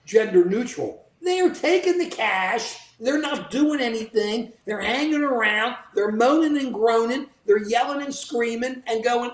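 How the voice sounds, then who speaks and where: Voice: mid-range voice, normal speed. Indignant political commentator in an echoey room. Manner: indignant, animated, mimics politicians in quoted asides. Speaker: co-host of a political livestream.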